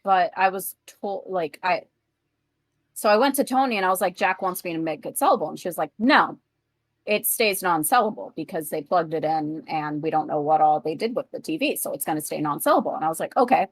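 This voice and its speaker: A woman's voice: fairly low pitch, expressive, a little fast, no echo. A woman chatting casually with her tabletop group, venting about work, swearing freely and quoting her coworkers in a rush. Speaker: player. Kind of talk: casual chat, telling a work story.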